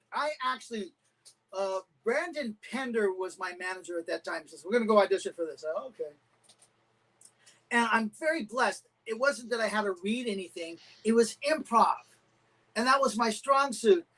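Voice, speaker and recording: Animated middle-aged man telling stories. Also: sits high, normal speed, poor audio. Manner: animated anecdotes with acted-out quotes. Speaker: guest, karate champion and stuntman. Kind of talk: casual storytelling interview.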